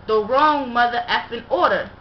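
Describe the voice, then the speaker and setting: A woman voicing a furious, foul-mouthed woman customer who talks slowly and aggressively. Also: fairly high pitch, slight background noise, close to an everyday voice. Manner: slow, cursing, aggressive. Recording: dull echoey room recording.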